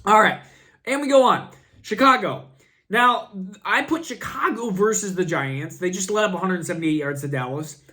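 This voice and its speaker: A man's voice: sits high, moderate pace, bright, forceful tone. A man who is sick with a cough, hosting a fantasy football vlog and talking casually in a rambling, self-deprecating way. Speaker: fantasy football channel host.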